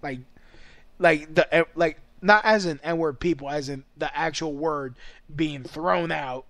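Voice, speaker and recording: A man's voice: fairly high pitch, measured pace, a bit bright, dry recording. A young man ranting in a casual vlog, rambling and profane and breaking into laughter often. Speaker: vlogger.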